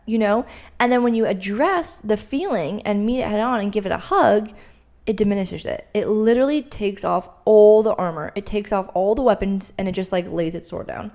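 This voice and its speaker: A young adult woman talks through her method as a podcast host. Her voice carries a gravelly vocal fry under an ordinary mid pitch. She speaks conversationally, often tagging her points with "right?" or "okay?". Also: normal speed, mellow. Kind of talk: solo mindset podcast teaching.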